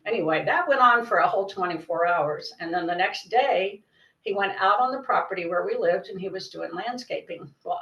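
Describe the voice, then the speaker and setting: A woman's voice: lowish voice, creaky. An older woman earnestly retelling a personal experience as an interview guest, acting out the voices of people in her story. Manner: earnest, vivid retelling with quoted dialogue. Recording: roomy echo, distant from the mic.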